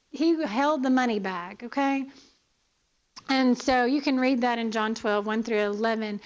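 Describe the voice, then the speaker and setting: A woman's voice: sits high, muffled recording. A woman teaching a Bible lesson in church, earnest, asking her listeners pointed questions and often checking in with "okay?".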